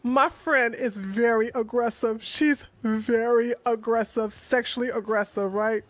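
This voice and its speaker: A woman host telling a story casually to camera, chatty and animated, acting out what people said. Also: a little high, measured pace. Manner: animated, chatty, breaks into laughter, acts out quotes. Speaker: channel host.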